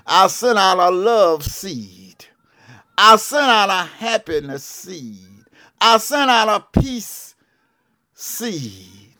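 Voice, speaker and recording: Fervently appealing from a broadcast studio, a seventysomething Southern-accented man from Georgia speaks as a televangelist prophet in a high-pitched, fairly bright voice. He preaches, repeats himself with "what I'm saying," and hails listeners with "yes ma'am, yes sir."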